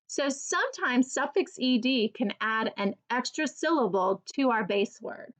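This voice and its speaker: A woman teacher giving an early reading lesson for children, slowly and clearly sounding out each word. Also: fairly high pitch, lively intonation.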